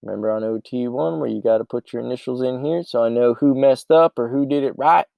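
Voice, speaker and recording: A man who runs a meal prep business, casually walking through his ordering software and thinking aloud as he goes. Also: mid-range voice, fairly quick, creaky, no echo. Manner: rambling and offhand, thinking aloud.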